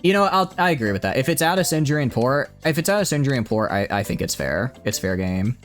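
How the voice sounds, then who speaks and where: Male game streamer with hiccups, lively voice going up and down, chatty with viewers, faint music behind. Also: medium pitch, brisk. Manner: thinks aloud, excitable, chatty with viewers. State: has hiccups. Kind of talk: live gameplay commentary.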